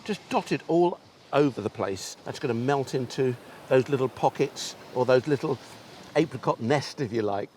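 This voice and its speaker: A man's voice: mid-range voice, animated, moderate pace, darkish tone, slight background noise. Chatty enthusiastic TV cooking host, man. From England. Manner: chatty, enthusiastic, addresses viewers directly. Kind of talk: cooking demonstration. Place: outdoors on a beach.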